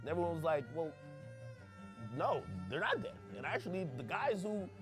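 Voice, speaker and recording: Male commentator in his thirties, swinging pitch, chatty, music playing under the talk. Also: moderate pace. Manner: lively, chatty recollection. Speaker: hip hop commentator. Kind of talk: documentary interview. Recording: music bed under interview.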